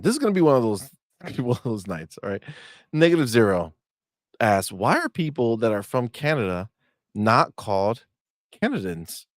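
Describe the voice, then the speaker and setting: Animated joking man hosting a podcast. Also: on the low side, dry recording, studio quality. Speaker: podcast host. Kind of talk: casual chat.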